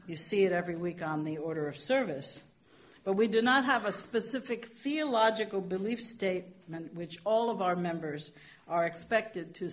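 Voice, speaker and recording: Unhurried woman minister, dry humor. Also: mid-range voice. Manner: gentle storytelling with dry humor. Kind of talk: sermon. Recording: dull lo-fi recording.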